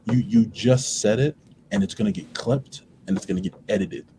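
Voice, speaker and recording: A man's voice: lowish voice, normal speed, background noise. A man on a casual football panel, talking emphatically and repeating phrases. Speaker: panel guest.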